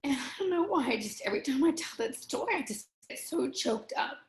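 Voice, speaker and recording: A middle-aged woman speaking earnestly and emotionally as an interview guest, often halting and restarting her sentences. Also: high voice, very animated, reverberant. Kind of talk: candid conversation.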